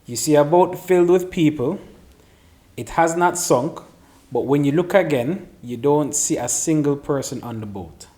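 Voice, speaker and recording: A man's voice: on the high side, normal speed, warm tone. A man hosting a casual chat show, reading riddles aloud and teasing his friends. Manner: teasing, laughs often.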